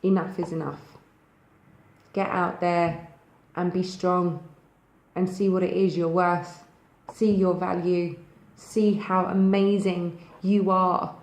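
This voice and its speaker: A woman's voice: lowish voice, flat delivery, slow, pauses often, a little mellow. Frank Kentish woman in an echoey room. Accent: English, Thanet in Kent. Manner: frank, emphatic, swears freely. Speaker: spiritual video host. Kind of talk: casual direct-to-camera talk.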